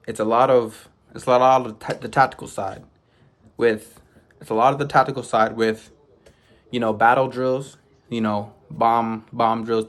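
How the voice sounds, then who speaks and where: A young man casually recounting his own experience in a vlog, rambling with restarts and sound effects like "boom". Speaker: vlogger. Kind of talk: casual storytelling.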